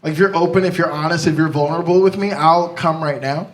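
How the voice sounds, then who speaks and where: A man's voice: fairly high pitch, quick pace. Brash young man doing stand-up. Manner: brash, animated, confessional. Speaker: stand-up comedian. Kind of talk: stand-up comedy set. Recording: roomy echo, mic far off, noisy.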